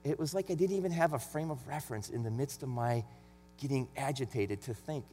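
A man's voice: mid-range voice, brisk, mellow, faint music behind. A middle-aged man preaching a sermon in an earnest, conversational way. He reads scripture with extra emphasis. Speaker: pastor. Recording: long hall reverb with faint mains hum.

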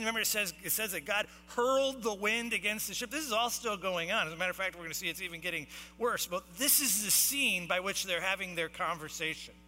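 Bright-voiced pastor preaching in a hall. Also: male voice, high-pitched. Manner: animated, acts out the sailors' shouting; casual slang mixed with scripture reading. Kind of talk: sermon. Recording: long hall reverb, faint music and mains hum.

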